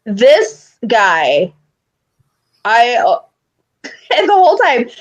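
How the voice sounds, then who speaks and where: Animated, high-pitched young woman storyteller. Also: extremely slow, lo-fi sound. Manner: animated storytelling, loud excited outbursts, frequent swearing. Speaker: podcast co-host. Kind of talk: casual chat.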